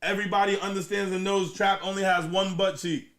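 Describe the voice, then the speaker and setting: Man, high lively voice, very slow, bright, teasing and laughing, casual chat.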